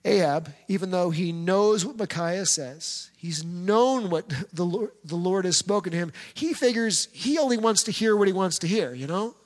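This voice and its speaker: A man preaches, retelling an old story with lively animation. His voice sits high for a man. It rings out with the long reverb of a large hall. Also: moderate pace, hardly any pauses. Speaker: pastor. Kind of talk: sermon.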